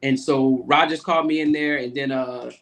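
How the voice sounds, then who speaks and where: A man's voice: mid-range voice, fairly even intonation, moderate pace, a bit bright. A man guest on a podcast, a Navy command master chief, telling a loose, profane story and acting out the people he quotes. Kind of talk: casual storytelling interview.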